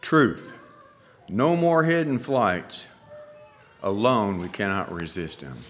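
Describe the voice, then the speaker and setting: Man preaching thru a story, low voice, hushed n dramatic, slow pauses. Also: sing-song, slight background noise. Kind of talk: sermon storytelling.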